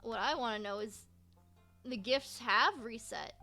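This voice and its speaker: A woman talks her way through a relaxed gaming session in a high voice, chatty and prone to repeating herself. Soft music plays faintly behind her. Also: measured pace. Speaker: game streamer. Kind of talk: casual gameplay commentary.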